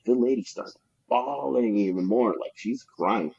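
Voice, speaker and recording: A man appears as a podcast guest, rambling through stories about his sales jobs in a casual, profane way packed with fillers. His mid-range voice is a little slow, with vocal fry, a darkish tone and a breathy edge. The podcast audio sounds dull and lo-fi.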